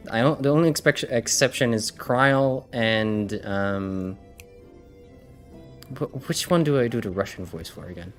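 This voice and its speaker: A woman's voice: rumbling low, measured pace. A woman streaming a game, chatting casually with many restarts and laughs. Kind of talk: casual chat while gaming. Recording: music behind.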